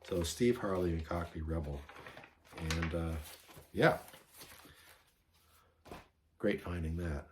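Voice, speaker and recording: A man's voice: deep voice, takes it slowly, pauses often, noisy background. A man vlogging casually about records he found, rambling and correcting himself as he goes, enthusiastic about his finds. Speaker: vinyl record collector vlogger. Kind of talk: casual show-and-tell vlog.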